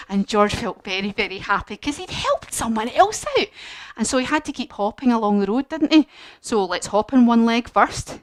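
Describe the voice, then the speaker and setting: A woman's voice: medium pitch, normal speed, no room sound, clean studio sound. A woman leading a children's yoga class through a story, singsong and encouraging.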